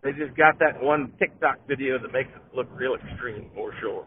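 A man's voice: medium pitch, normal speed. A man hosting a podcast, chatting casually and plainly with a guest over a phone line, using folksy comparisons. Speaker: podcast host. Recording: tinny phone line with faint noise.

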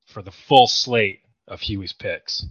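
A man's voice: on the low side, a bit bright, husky, no echo, dull audio. A man in his thirties co-hosting a podcast, joking and swearing in casual banter. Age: 30s. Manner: fast, joking, profane. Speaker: podcast co-host.

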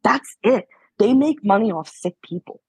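Young woman guest from Pennsylvania, husky voice, chatty storyteller who laughs a lot, dry close sound. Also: a little high, expressive, moderate pace, dry recording. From Pennsylvania, USA. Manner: chatty, laughs often, acts out past conversations. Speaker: podcast guest. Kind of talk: casual storytelling interview.

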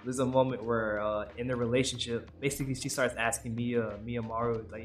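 A man's voice: medium pitch, fairly even intonation, brisk, hardly any pauses, a bit bright, faint music behind. A young man co-hosting a podcast in casual chat, rambling and laughing as he acts out quotes. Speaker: podcast co-host.

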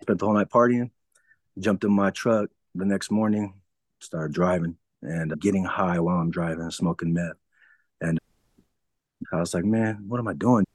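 A man with a very low voice tells his own story as an interview guest. He is frank, laughs through hard memories and acts out old conversations. The sound is dry and close, with no room echo. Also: steady tone, moderate pace, pauses often, a little mellow. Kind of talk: candid personal storytelling.

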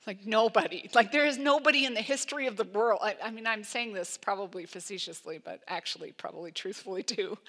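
A woman pastor preaching a sermon in an emphatic, conversational way, full of "like" and quick asides. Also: medium pitch, fairly bright tone.

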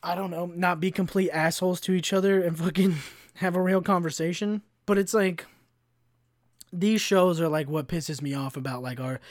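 A young man on his own podcast, swearing his way through a heated rant. His voice sits a bit high, and it is recorded dry and close with no room sound. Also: fairly even intonation, moderate pace, no echo. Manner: profane, heated ranting. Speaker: podcast host.

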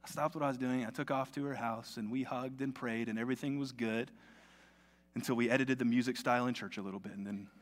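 A man's voice: mid-range voice, fairly even intonation, fast talker. A male pastor preaching a sermon in a church, in a conversational, storytelling way. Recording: long reverb of a large hall.

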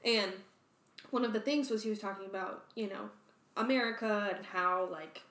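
Podcast co-host, young woman, animated storyteller, echoey room. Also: mid-range voice, normal speed. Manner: animated, acts out quoted conversations. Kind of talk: casual chat. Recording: roomy echo.

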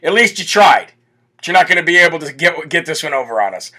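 A man's voice: a little high, big pitch swings, quick pace, bright, forceful tone. A man hosting a political talk show, giving brash, mocking commentary full of rhetorical questions. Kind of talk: opinionated live commentary.

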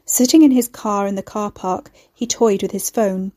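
Narrator, female, mellow and warm tone, steady read of a novel. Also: mid-range voice, moderate pace. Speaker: audiobook narrator. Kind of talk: scripted narration.

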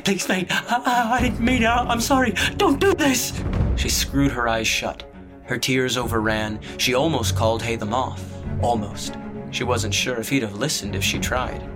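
A man narrating a story in a steady, measured audiobook reading. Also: medium pitch.

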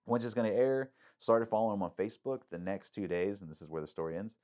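A middle-aged man, a podcast guest, telling a story casually and animatedly, acting out the voices in it with big jumps in pitch and lots of "like" fillers. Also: fast talker, warm tone.

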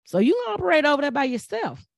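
A woman's voice: sits high, big pitch swings, fast talker, vocal fry, no room sound. Woman, middle-aged, preachy and earnest, repeats herself a lot, dry close sound. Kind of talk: casual motivational talk.

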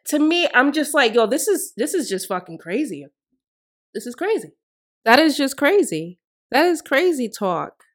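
A woman's voice: sits high, bright, forceful tone. A woman hosting a solo podcast, delivering fiery, profane commentary full of rhetorical questions. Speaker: podcast host.

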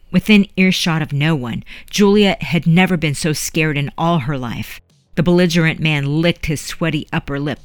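An audiobook narrator reading a historical story in a measured, dramatic way. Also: medium pitch, dry recording. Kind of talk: scripted narration.

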